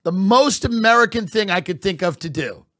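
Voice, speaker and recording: A man hosting a podcast, delivering a deadpan mock-patriotic comedy monologue. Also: high voice, normal speed, dry recording, clean studio sound. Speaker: podcast host.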